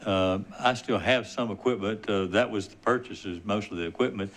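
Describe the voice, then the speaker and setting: Deferential low-voiced witness. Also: male voice, moderate pace, fairly bright tone. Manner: deferential, says sir. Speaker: tow company owner, witness. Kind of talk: answering questions at a hearing.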